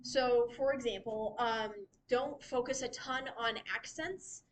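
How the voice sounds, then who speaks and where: Giggly high-voiced woman leading a workshop. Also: fairly even intonation, unhurried, slight background noise, poor audio. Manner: giggly, chatty, laughs often. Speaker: writing workshop leader. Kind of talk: casual teaching talk. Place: library meeting room.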